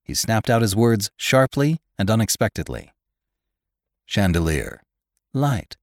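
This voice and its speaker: A man reads a classic story aloud with a low voice and lively, rising and falling intonation. His delivery is measured and expressive. The sound is dry and close. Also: no echo. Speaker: podcast narrator. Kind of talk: audiobook narration of a classic story.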